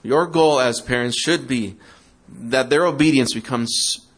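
A man's voice: mid-range voice, a little slow, fairly bright tone. A man preaching to parents in a sermon, asking the audience questions and acting out excuses in a mocking tone. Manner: interactive, asks the audience questions; acts out quoted excuses in a mocking tone.

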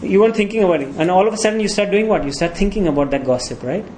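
A man's voice: sits high, racing, darkish tone, slight background noise, poor audio. A pastor preaching a sermon, walking his congregation through scripture with frequent rhetorical questions.

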